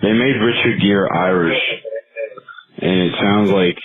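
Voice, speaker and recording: Deep-voiced man on a tinny voicemail. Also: measured pace, over music. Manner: rambling, profane, mock-outraged. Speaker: voicemail caller. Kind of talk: rambling voicemail message. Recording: tinny voicemail phone line.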